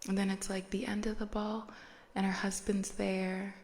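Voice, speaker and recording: A woman's voice: mid-range voice, level tone, moderate pace, darkish tone. A woman hosting a podcast who retells a story in a chatty, slangy, casual way and laughs often. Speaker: podcast host.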